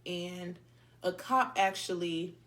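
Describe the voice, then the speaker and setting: A woman's voice: lowish voice, slow pace, a bit bright. Rambling woman chatting while eating. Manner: chatty, rambling, with many fillers and restarts; talks between bites of food. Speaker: mukbang vlogger. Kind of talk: casual storytelling while eating.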